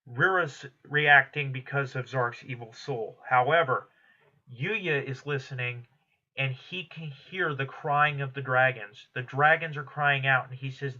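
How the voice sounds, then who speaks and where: Guy recapping a cartoon ep, bright kinda edgy tone, muffled lo-fi mic. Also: mid-range voice. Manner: retells plot quickly, quoting characters in passing. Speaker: anime episode reviewer. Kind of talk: casual episode recap.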